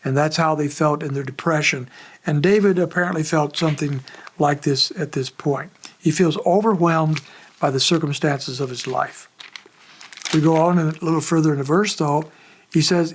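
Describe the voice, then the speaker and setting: A pastor giving an expository sermon in a conversational, measured way, pausing often as he explains the text. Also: a little high. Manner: conversational, measured preaching with frequent pauses.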